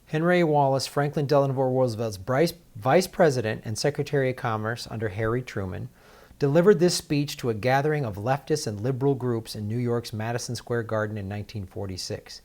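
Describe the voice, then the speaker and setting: A man's voice: medium pitch, a little fast, darkish tone. A man hosting political commentary, talking in a heated, sarcastic way with lots of filler words and restarts.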